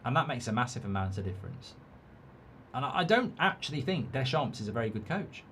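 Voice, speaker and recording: A middle-aged English man hosting a live football watchalong at a mid-range pitch, blunt and opinionated with casual swearing. He speaks into a close mic and sounds animated as he reacts to the match and reads out viewer comments. A faint hum sits in the background. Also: brisk.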